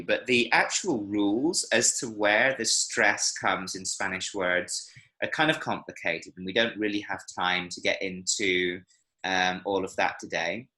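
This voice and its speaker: Male language teacher, bright tone, checks in with students often. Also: on the low side, a little slow, low-quality recording. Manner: patient, explains and checks understanding. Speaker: Spanish teacher. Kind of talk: online language lesson. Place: online class, speaking from Medellín. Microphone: video call.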